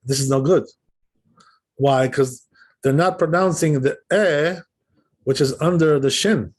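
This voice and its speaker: In an unhurried, fairly high-pitched voice, a male rabbi leads a class through a casual religious lesson. He models pronunciation out loud, explains as he goes, and often checks in with "right?" or "you know?".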